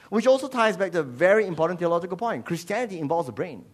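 A man preaching a sermon as pastor, animated and jokey. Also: sits high, racing. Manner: animated, jokey, switches into voices.

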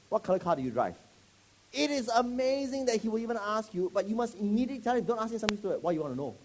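Animated preacher. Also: male voice, sits high, breathy edge. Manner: animated, mock-serious, often shouting. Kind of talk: sermon with comic role-play.

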